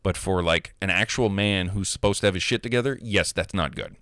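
A man's voice: low-pitched, lively intonation, fairly quick, a bit bright, dry recording, studio quality. A man, a gamer, ranting casually and heatedly about online trolls, profane and emphatic. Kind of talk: casual rant.

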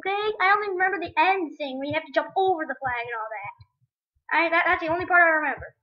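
Very high-pitched excitable gamer woman. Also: fast, dull audio. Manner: excitable, talks to the game and viewers. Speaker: let's play gamer. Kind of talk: gaming commentary to viewers. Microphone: webcam or computer mic.

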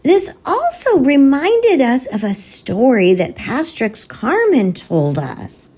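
A woman's voice: high voice, huge pitch swings, slow, darkish tone, husky, heavily acted. A woman voicing a cheerful puppet friend on a children's ministry show, friendly and earnest.

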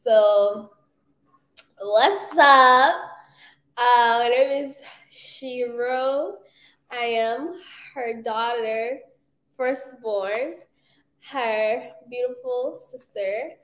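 A woman's voice: fairly high pitch, very slow, a little mellow, roomy sound. A young woman, casually greeting viewers in a laid-back, slangy way. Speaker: host's daughter.

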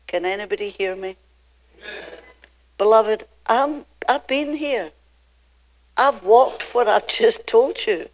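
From a church pulpit, an older Scottish woman pastor preaches a sermon in a mid-range voice with a Scottish accent. Her phrases are emphatic and drawn out, swinging between loud and soft.

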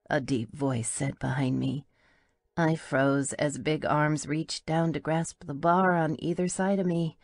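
A woman's voice: extremely low pitch, normal speed, a little mellow, no room sound. A woman narrating a first-person audiobook in a wry, playful storytelling manner.

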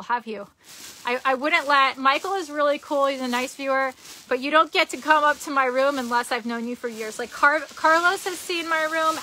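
A woman's voice: high-pitched, bright, forceful tone, a little hiss or hum. A young woman chatting casually on a live stream from her cluttered bedroom, giggly and rambling, often restarting her sentences. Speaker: vlogger.

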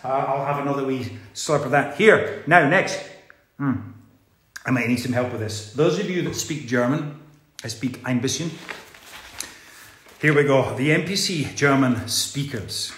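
A man's voice: medium pitch, unhurried, pauses often, fairly bright tone, slight background noise. Guy hosting a gala, reading fan notes, chatty and playful, echoey room. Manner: playful, chatty, reads aloud with asides. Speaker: gala host.

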